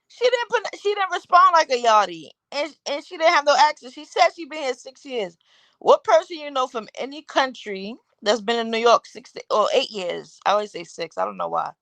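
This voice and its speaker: A woman's voice: fairly high pitch, a bit bright, dry recording. A woman hosting a live talk show, rambling through her opinions and asking the audience one rhetorical question after another. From Caribbean. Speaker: host.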